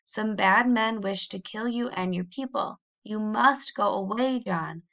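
A woman voicing a brave, earnest young pioneer girl who pleads urgently and speaks slowly and deliberately, in an audiobook reading. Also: mid-range voice, vocal fry, fairly bright tone. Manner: pleading, insistent, slow and deliberate when explaining.

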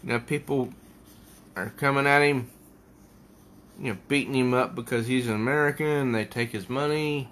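A man's voice: medium pitch, steady tone, normal speed, long pauses, fairly bright tone, a little hiss or hum. A man giving a casual comic book review at home, rambling and thinking aloud as he pages through an issue.

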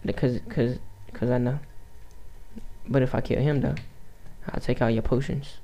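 A man's voice: medium pitch, steady tone, normal speed, vocal fry, warm tone. A man giving casual, rambling gameplay commentary on his home mic, stuttering and restarting his sentences. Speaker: YouTube gamer.

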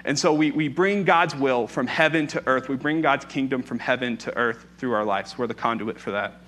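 A man's voice: medium pitch, moderate pace, a bit bright. A young adult man, a pastor, preaching a sermon in a conversational way, telling stories with playful asides.

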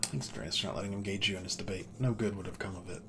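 A man's voice: low-pitched, steady tone, rapid-fire, noisy background. A man doing casual gameplay commentary as a let's play host, making joking, offhand remarks.

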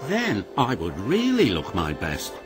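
A man voicing an eager, excitable young male tank engine in a storybook reading. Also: on the low side, measured pace, pitched below the performer's own voice. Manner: bright, excited exclamations. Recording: music playing behind.

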